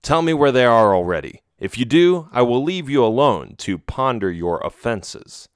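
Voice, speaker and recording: Fierce young elf hero, as a man reads him, demanding, threatening, raised and forceful, dry close sound. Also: medium pitch, animated, moderate pace, clear, resonant tone, no room sound, close to an everyday voice.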